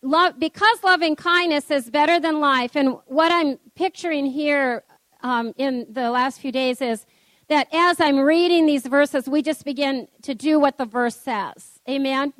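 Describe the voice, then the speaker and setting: A woman's voice: sits high, measured pace, a bit bright, no room sound. Chatty, fervent woman leading praise. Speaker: prayer group leader. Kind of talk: informal church teaching and praise.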